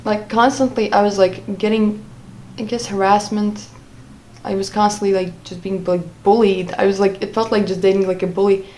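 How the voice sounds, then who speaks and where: A woman's voice: mid-range voice, flat delivery, moderate pace, a little mellow, slight background noise, low-quality recording. A woman telling a personal story in a vlog, talking hesitantly with many fillers and restarts. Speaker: vlogger.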